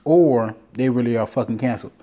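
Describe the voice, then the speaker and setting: A man with a brisk, mellow, mid-range voice hosts a podcast in a loose, rambling monologue. He swears freely and acts out lines he's quoting.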